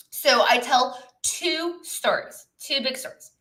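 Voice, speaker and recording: A woman's voice: sits high, slow pace, hardly any pauses, pushed and bright. A woman business coach giving a live-streamed talk, speaking conversationally and checking in with listeners as she goes. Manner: reads and answers viewer chat aloud.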